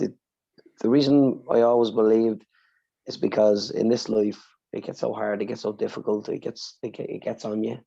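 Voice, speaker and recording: Low gravelly guy cussing through a heartfelt story, dull lo-fi sound. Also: dark tone. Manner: swears freely, tells stories with feeling. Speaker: podcast co-host. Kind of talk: emotional personal storytelling.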